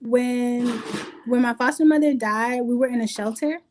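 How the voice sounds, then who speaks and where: A young adult woman telling her life story in an interview, lively and acting out the people she quotes. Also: fairly high pitch, moderate pace, slight background noise. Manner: animated, acts out quotes with laughs. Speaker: guest. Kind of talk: conversational storytelling.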